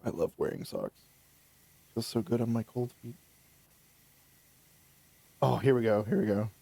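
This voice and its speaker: A man in relaxed stream banter with a mid-range voice that swings widely in pitch. He rambles through his thoughts, laughing and swearing as he goes. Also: measured pace, vocal fry, husky. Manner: rambling, laughs often, lots of fillers and swearing. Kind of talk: casual chat on a live stream.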